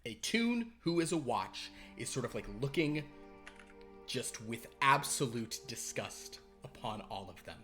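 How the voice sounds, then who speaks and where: Bright-voiced man narrating a tabletop game. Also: sing-song, faint music behind. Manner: quick, low-key narration with asides. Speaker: game master.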